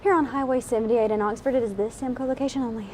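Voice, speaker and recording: A woman co-hosting a local TV show, answering with amused, quick retorts. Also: on the high side, fairly even intonation, darkish tone, a little hiss or hum. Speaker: local TV co-host. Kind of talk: casual studio chat.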